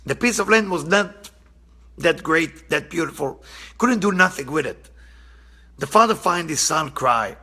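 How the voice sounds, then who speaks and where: Gravelly, husky man teaching Kabbalah. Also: a little high, animated, unhurried, pauses often, pushed and bright. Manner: earnest, impassioned, repeats for emphasis. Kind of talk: spiritual lesson with storytelling.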